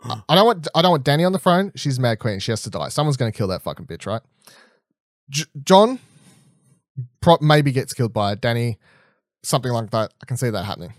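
A young man chatting casually as a podcast co-host, rambling and animated, swearing freely and restarting often. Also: medium pitch, brisk, long pauses, dry recording, studio quality. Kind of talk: casual chat, TV episode predictions.

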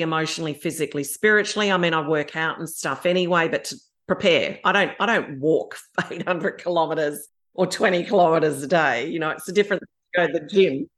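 A woman's voice: low-pitched, a bit bright. A woman in her fifties with an Australian accent, telling her story candidly as a podcast guest and acting out her own inner voices. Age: 50s.

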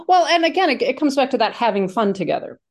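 A woman's voice: on the high side, big pitch swings, fast. A woman in a casual film discussion, talking animatedly with many restarts and fillers.

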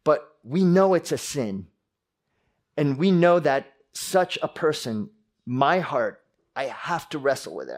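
A middle-aged man preaching a sermon as pastor, animated, acting out angry voices with sudden loud bursts. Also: mid-range voice.

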